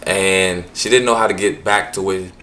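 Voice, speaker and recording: A man telling a stand-up story in an animated, punchy way, with exasperated asides. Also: low voice, normal speed. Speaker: comedian.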